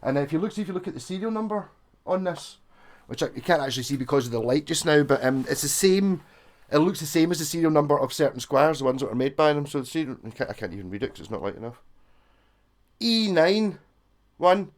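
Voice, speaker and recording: A Scottish man with a voice a touch higher than most talks through a guitar review in a loose, rambling way. He is frank and swears freely. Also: animated, fast talker. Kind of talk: casual gear review chat.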